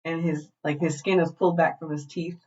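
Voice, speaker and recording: A woman co-hosting a podcast, retelling a show in animated, profane casual chat. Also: deep voice, fairly quick. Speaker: podcast co-host. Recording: dull lo-fi glitchy recording.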